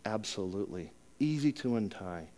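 A man preaching a conversational sermon, telling a personal story with chatty asides, rising loud and high in exciting parts and dropping low and soft to reflect. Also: moderate pace. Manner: chatty asides and self-deprecating humor.

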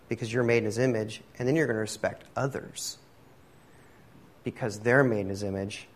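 A man's voice: medium pitch, fairly bright tone. A man preaching a casual, conversational sermon, rambling with many fillers and self-deprecating humor. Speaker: pastor.

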